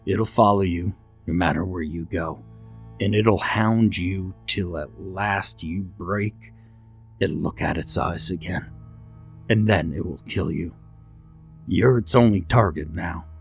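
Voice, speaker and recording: A man doing a gruff, grumpy ranger boss. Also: sits low, takes it slowly, soft background music, exaggerated voice.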